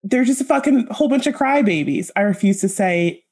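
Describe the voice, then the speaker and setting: A blunt woman talking casually on a podcast and swearing freely. Her voice rests at an ordinary middle pitch. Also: lively intonation, fairly quick, a little mellow, breathy edge. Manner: blunt, profane. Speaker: podcast co-host. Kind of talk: casual chat.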